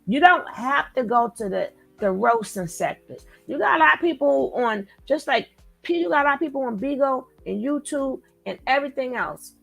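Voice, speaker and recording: Gravelly-voiced woman hosting a live stream. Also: high-pitched, animated, moderate pace, soft background music, rough recording. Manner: effusive, talks straight to chat, shouts out viewers. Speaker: livestream host. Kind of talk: casual live-stream chat with viewers.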